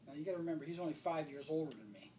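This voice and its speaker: A man's voice: fairly high pitch, animated, racing, warm tone, reverberant. A man telling a funny childhood story in casual conversation, often breaking into laughter. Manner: laughs a lot while telling a family story. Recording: distant mic with faint background noise.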